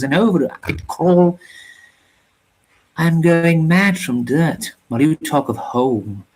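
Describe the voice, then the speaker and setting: A reader voicing a hoarse, shaken male soldier who pours out a bitter, desperate rant about the war. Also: mid-range voice, rough recording. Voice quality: hoarse, quivering.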